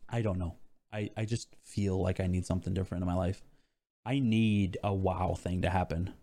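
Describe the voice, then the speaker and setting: A man co-hosting a podcast, telling stories in casual chat with lively energy. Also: normal speed. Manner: animated storyteller, expressive pitch swings. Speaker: podcast co-host.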